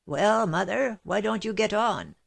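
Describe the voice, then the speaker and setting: A woman's voice: mid-range voice, lively intonation, unhurried, creaky, dry recording, pitched above the performer's own voice, exaggerated voice. A woman reading aloud, voicing a coarse, impatient male wagon driver with a thick voice.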